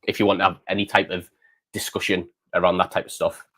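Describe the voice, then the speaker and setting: Rambling man, low voice. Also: flat delivery, quick pace, fairly bright tone. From England. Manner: rambling, repeats words, says "mate" often. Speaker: channel host. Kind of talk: casual storytelling chat.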